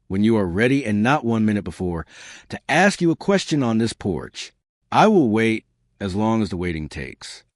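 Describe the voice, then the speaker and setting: A man voicing a quiet, earnest male cowboy with a rough voice, speaking slowly and plainly. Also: lowish voice, no echo, clean studio sound, natural voice.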